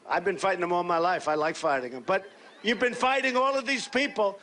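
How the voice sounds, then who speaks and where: A man giving a campaign rally speech as a political candidate, boastful and rambling, repeating himself in punchy short phrases that he often shouts. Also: high-pitched, fairly quick, a little hiss or hum. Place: large rally space.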